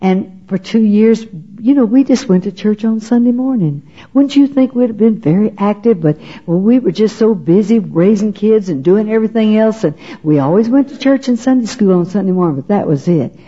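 Older woman, folksy testimony, husky and warm, on a muffled old recording. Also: medium pitch, lively intonation, moderate pace. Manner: folksy storyteller, often asks "you know what?". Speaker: speaker giving her testimony. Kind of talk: personal testimony to an audience. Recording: dull lo-fi recording.

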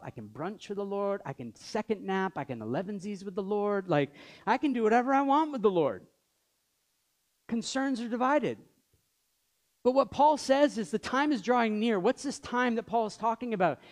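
A man's voice: sits high, animated, moderate pace. A man in his thirties preaching a sermon in a conversational way, with joking asides. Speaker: pastor.

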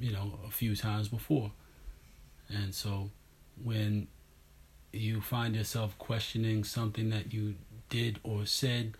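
A man in casual chat, thoughtful and analytical, speaking in halting, searching phrases. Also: on the low side, slightly rough.

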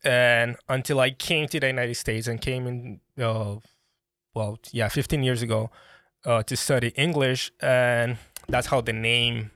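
A Colombian-born man who grew up speaking Spanish tells his story as a podcast guest. He talks in animated, restarting bursts, at a middle pitch. His voice is recorded close and dry. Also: a little slow, no room sound. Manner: animated, restarts often, bursts into laughing exclamations. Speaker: podcast guest, brand founder. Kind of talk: casual interview storytelling.

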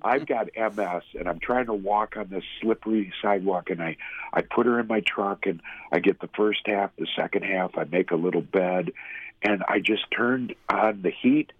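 A middle-aged man, a radio personality, telling a personal faith story in a halting, heartfelt way. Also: sits low, dry recording, narrow, tinny audio. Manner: halting storytelling with restarts, emotional. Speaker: guest, former radio host. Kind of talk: personal testimony in an interview.

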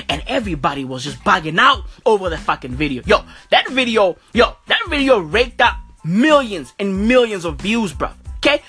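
Woman comic ranting with lots of swearing, lively, bright and husky. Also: medium pitch. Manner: profane, repeating bruv and okay. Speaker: comedian vlogger. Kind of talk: profane comic rant.

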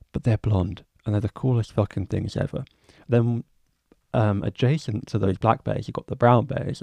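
A young man hosts a solo podcast, rambling casually, swearing freely, and making self-mocking asides. His voice is low and mellow with a gravelly edge, recorded close and dry with no room sound.

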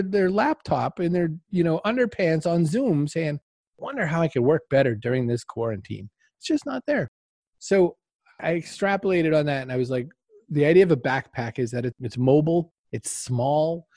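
A man's voice: mid-range voice, no room sound, studio quality. A man telling anecdotes as an interview guest in casual talk, acting out what people said and laughing often. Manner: animated anecdotes, acts out quotes, laughs often.

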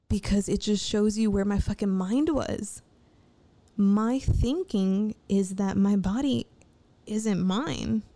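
A woman's voice: medium pitch, creaky, dark tone. A woman talking candidly to the camera in a casual late-night ramble, swearing freely and restarting her sentences. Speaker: vlogger.

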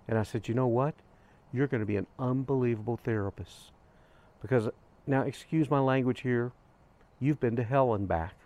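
An older man hosting a grief vlog, telling a personal story in an earnest, gentle way with soft pauses. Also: mid-range voice. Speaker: grief podcast host. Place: outdoors on a hiking trail.

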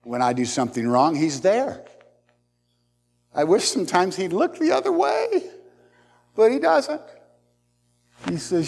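A man preaching a sermon as a pastor, animated, swinging between loud emphasis and quiet, confiding asides. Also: a little high, normal speed, gravelly, long pauses, long reverb tail.

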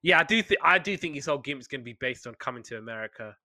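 A man co-hosting a casual chat, animated and playful, often slipping into quick voices. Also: mid-range voice, no room sound. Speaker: podcast co-host. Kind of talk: casual chat about wrestling.

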